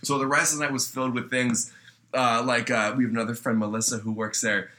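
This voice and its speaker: A young man chats casually, swearing freely as he tells a story about kitchen work and shouting out the voices of the people in it. His voice is medium-pitched with a level tone, and he talks fast.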